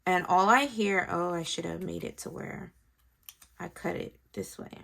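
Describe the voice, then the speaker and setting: A woman's voice: lowish voice, unhurried, creaky, fairly bright tone. A woman, chatting to viewers while decorating a planner and telling a family story. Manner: chatty storytelling, talks to viewers, thinks aloud. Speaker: planner vlogger and mother. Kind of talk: casual chat while decorating.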